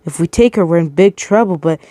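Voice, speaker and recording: A woman's voice: fairly low pitch, brisk, warm tone, dry recording, lightly acted. Woman reading as an impatient young kidnapper.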